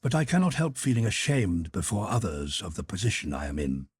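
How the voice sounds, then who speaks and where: A man reading the part of a grieving, humiliated middle-aged nobleman, halting and full of self-pity. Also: deep voice, very animated, a little mellow, husky, dry recording, studio quality, exaggerated voice. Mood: anguished. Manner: halting, self-pitying, anguished. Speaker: character in audiobook.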